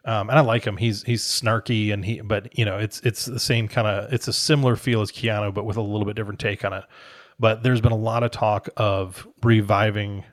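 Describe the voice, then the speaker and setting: Low-voiced man rambling about movies. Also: level tone, a little fast, no echo, studio quality. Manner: rambling, searches for names, many fillers. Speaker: podcast co-host. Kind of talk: casual film chat.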